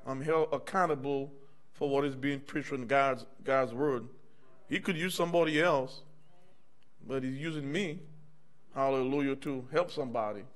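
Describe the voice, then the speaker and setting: A man's voice: medium pitch, normal speed. A middle-aged male minister preaching in a church, conversational, often calling out "amen" and "y'all" to the congregation. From United States. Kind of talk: personal testimony sermon.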